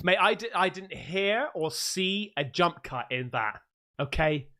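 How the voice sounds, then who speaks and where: A man hosting a reaction video, exclaiming and swearing loudly as he reacts to scary clips. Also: sits high, a little slow. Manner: excitable, swearing, loud exclamations.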